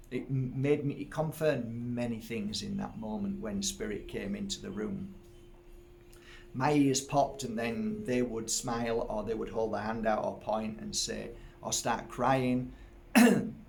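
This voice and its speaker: Gravelly man, earnest and chatty. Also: medium pitch, a little hiss or hum. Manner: earnest and chatty, with frequent restarts and acted-out quotes. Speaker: psychic medium and healer. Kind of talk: casual reflective monologue.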